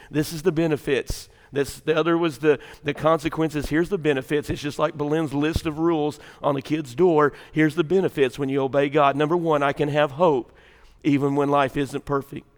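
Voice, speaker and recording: An older man preaches a sermon in a church, voice sitting a little high for a man. He tells folksy stories and swings between loud, animated bursts and hushed, intense stretches. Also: a little fast, long reverb tail. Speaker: pastor.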